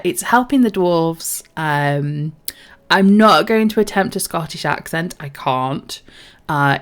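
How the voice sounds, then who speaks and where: A woman's voice: sits low, a bit bright. A woman streaming a video game, chatting casually and rambling with lots of ums. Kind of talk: casual gameplay commentary.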